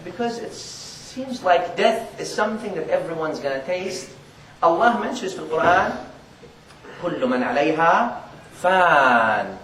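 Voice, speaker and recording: A man giving a Friday sermon, earnest and repetitive, reciting Arabic verses quickly between his explanations. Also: sits high, lively intonation, fairly bright tone, roomy sound, recorded from a distance, a little hiss or hum, poor audio. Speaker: preacher.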